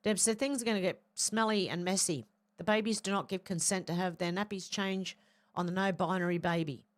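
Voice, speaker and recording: A woman with a lowish, throaty voice reads viewer comments off her livestream chat. She answers each one with chatty asides and clears her throat now and then. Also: steady tone, brisk. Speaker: livestream host reading chat. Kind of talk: casual chat, reading viewer comments aloud.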